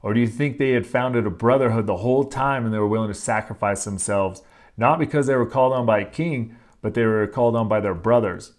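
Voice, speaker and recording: A man's voice: mid-range voice, a little fast. A man hosting a podcast, giving a blunt, earnest motivational talk full of swearing and casual fillers. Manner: blunt and profane, with frequent filler words; emphatic and earnest, stressing key phrases. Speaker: podcast host.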